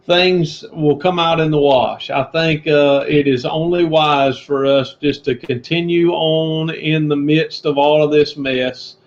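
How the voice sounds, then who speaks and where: A man's voice: on the high side, fairly even intonation, unhurried, few pauses. A man co-hosting a reselling livestream, talking in an earnest, encouraging, slightly preachy way. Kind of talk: casual livestream chat. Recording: dull lo-fi stream audio.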